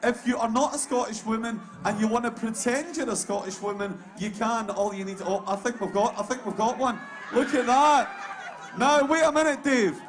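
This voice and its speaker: Very high-voiced lively event host. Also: male voice, moderate pace. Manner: lively, hyping up the crowd. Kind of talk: live event hosting.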